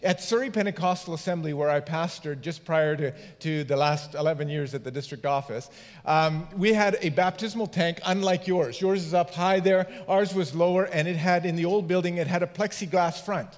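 High-voiced pastor telling jokes. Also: male voice, normal speed. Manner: jokey storyteller who laughs at his own anecdotes. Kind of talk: humorous sermon storytelling. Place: church sanctuary. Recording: long hall reverb.

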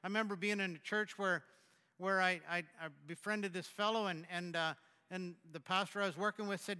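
A man preaching a sermon as the pastor, talking conversationally with halting restarts and swinging from loud to hushed. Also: sits high, fairly even intonation, clear, resonant tone, big-room sound.

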